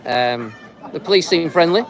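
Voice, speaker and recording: A man's voice: fairly high pitch, animated, moderate pace, gravelly. A man filming a live street vlog outdoors, chatting to passers-by with a teasing, rambling manner. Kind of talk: casual street chat to camera. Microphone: handheld camera. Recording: outdoor crowd noise. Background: crowd noise.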